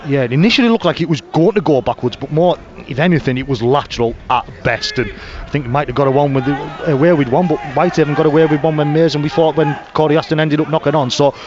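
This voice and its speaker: A man on live rugby league play-by-play for radio, calling every pass and tackle as it comes. His voice sits a little high for a man. The broadcast audio is dull and lo-fi. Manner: rapid, names each pass and tackle.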